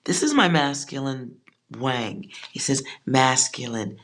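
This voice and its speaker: A tarot reader giving a casual collective reading, blunt and joking, with slangy asides and soft whispered side remarks. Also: medium pitch, animated, takes it slowly.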